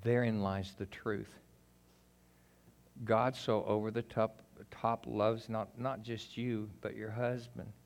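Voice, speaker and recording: A man preaching a sermon in a folksy, conversational way, talking straight to his congregation, now emphatic, now quiet and intimate. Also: fairly low pitch, flat delivery, slow. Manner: swings between emphatic and quiet, intimate delivery. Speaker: pastor.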